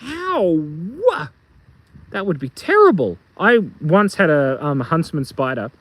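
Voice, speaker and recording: Middle-aged Australian host, high animated voice, joking casually on a live phone stream outdoors. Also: male voice, moderate pace, no room sound, rough recording. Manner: playful, rambling, tells jokes and reads chat aloud. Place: outdoors in the bush.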